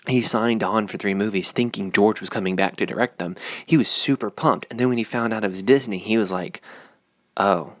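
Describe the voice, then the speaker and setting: A man's voice: on the low side, a little fast, hardly any pauses, no room sound. A man rambling through a casual opinion vlog, full of fillers and sarcastic asides. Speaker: YouTube commentator.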